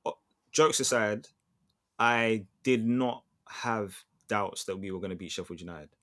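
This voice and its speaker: A man's voice: lowish voice, a little slow, fairly bright tone. A man co-hosting a football podcast, telling stories in a loose, slangy, chatty way. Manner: chatty storyteller, slangy, restarts often. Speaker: podcast co-host. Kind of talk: casual football chat.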